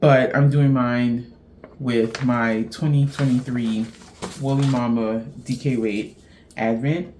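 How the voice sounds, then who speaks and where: A woman's voice: rumbling low, steady tone, slow, dark tone, slight background noise. A middle-aged woman from Central Texas, chatting casually as host of a knitting show, rambling and laughing at herself.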